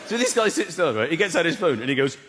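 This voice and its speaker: A man's voice: a little high, very animated, quick pace, a loud crowd, heavy background noise. A man performing stand-up comedy on a large theatre stage, telling stories animatedly and acting out characters. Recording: echoey theatre with loud audience laughter.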